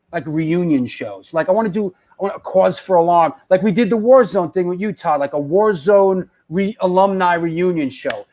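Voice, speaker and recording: New guy hosting a live stream, chatty and scattered, kinda high voice. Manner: rambling, chatty, restarts sentences, excitable. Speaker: host of a live web show. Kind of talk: casual live-stream chat, reading viewer comments.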